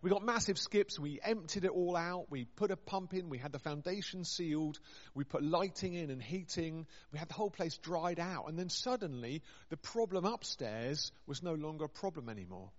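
A vicar preaching in a fairly high voice, spinning a humorous anecdote with self-deprecating asides. The sound is a little dull, and his voice rings out with a long reverb through a large church. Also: animated, moderate pace. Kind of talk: storytelling sermon.

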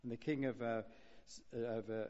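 A man gives a loose, chatty sermon, wandering off into asides and catching himself mid-word. His voice sits at a middling pitch, and the recording is muffled and lo-fi, with a long reverb trailing off around him in a large hall. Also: fairly even intonation, moderate pace, a little mellow. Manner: conversational and rambling, with asides and restarts. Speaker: preacher. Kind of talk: informal sermon. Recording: dull lo-fi sound in a reverberant hall.

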